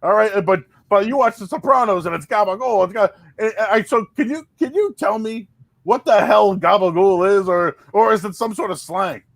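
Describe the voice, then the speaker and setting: A man's voice: high-pitched, moderate pace, creaky, no room sound. A man hosting a casual podcast chat, rambling with lots of restarts and "dude" and "man". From Boston area. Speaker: podcast host.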